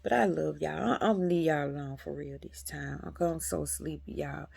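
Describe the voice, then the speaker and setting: A woman's voice: low-pitched, moderate pace, vocal fry, darkish tone, slightly rough. A woman hosting a metaphysics channel, giving a casual, colloquial spiritual talk and calling her viewers y'all.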